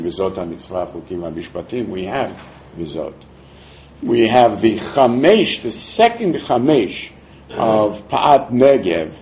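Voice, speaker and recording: A man teaching a Talmud class, explaining verses in a lively way with frequent chuckles, on a dull lo-fi recording. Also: on the low side, slight background noise.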